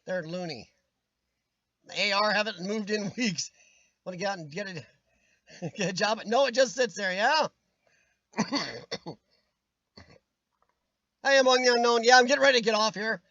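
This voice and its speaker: High-voiced, ranting man. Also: normal speed, pauses often, bright, forceful tone, dry recording, muffled recording. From United States. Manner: opinionated ranting, answers chat comments by name. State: starting to lose his voice. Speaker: livestream host reading chat. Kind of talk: casual live-stream chat.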